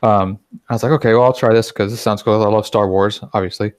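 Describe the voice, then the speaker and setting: A man with a lowish voice talks loosely on a podcast, recorded dry and close with little room sound. He drifts through his thoughts and slips into little voices when he quotes someone. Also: fairly even intonation, fast, clean tone, dry recording. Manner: chatty, acts out quoted remarks. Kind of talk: casual podcast chat.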